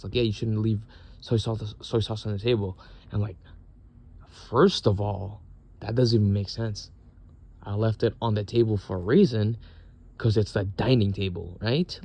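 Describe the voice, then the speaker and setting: A man's voice: fairly low pitch, fairly even intonation, moderate pace, creaky, mellow, breathy edge. A young man in the military venting in a casual, profane, exasperated rant. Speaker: military service member.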